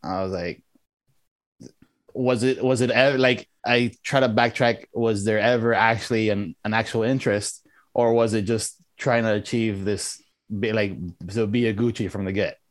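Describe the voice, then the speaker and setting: A man's voice: fairly low pitch, fairly even intonation, normal speed, dry recording. A man co-hosting a casual movie review podcast, talking hesitantly with many restarts. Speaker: podcast co-host.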